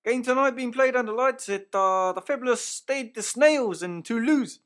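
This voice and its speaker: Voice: mid-range voice, moderate pace, a bit bright, close to an everyday voice. A performer playing a crude, laddish male rugby commentator, swearing freely and ending lines with "eh" in a comedy sketch. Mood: hosting. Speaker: lead commentator.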